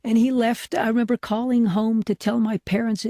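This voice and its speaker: An older man, a rabbi, telling a personal spiritual story in a soft, reflective way, often dropping to a hushed whisper. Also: sits high, fairly even intonation, a little fast, no echo, studio quality. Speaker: rabbi teaching.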